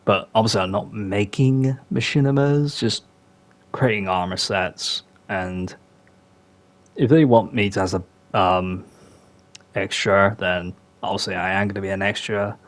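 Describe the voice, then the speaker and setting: Slow, low-voiced young man rambling. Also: fairly even intonation. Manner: rambling, loose, many fillers. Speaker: podcast host. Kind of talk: casual podcast chat.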